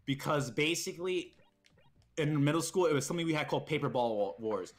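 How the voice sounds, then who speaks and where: Casting note: young man, slightly high voice, profane, animated storyteller with heated bursts. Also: brisk, soft background music. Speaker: streamer's friend telling stories. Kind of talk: casual storytelling chat.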